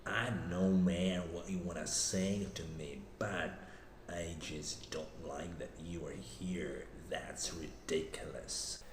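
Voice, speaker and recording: A man putting on a slow, deep New York gangster. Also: steady tone, reverberant, slight background noise. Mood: menacing. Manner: slow, menacing drawl.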